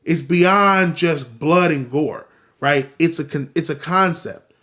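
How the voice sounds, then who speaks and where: A man's voice: a little high, slow. A man hosting a solo podcast, ranting casually and animatedly, swearing often and repeating himself. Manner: animated, profane, repeats himself, acts out quotes. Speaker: podcast host.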